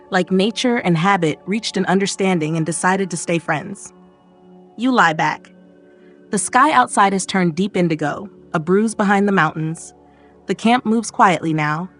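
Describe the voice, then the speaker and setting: A woman reads a scripted sleep story in a soft, unhurried voice, sitting at a mid pitch with a dry, gentle wit. She speaks close to the mic, and faint music plays underneath her. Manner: soft, calm, gently wry second-person narration. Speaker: narrator. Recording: narration over faint background music.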